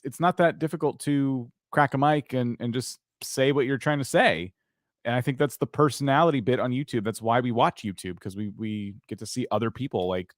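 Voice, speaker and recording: Man, live-stream reviewer, animated, opinionated, middle pitch, dry sound. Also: dry recording. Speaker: channel review host. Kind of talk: casual live-stream critique.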